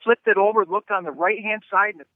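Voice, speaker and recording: A man talks over a thin, phone-like line. His voice sits a little high. He tells his story with animation, tripping over words and checking in with "right?". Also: a little fast, dry recording. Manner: animated storyteller, frequent "right?" and stammered restarts. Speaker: hunting guest. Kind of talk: storytelling interview.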